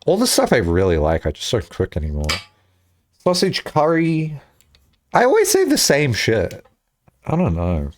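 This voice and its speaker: A young man streaming and chatting casually, rambling and self-mocking, with high squeaky bursts when he acts out his own lines. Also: wildly swooping pitch, normal speed, long pauses.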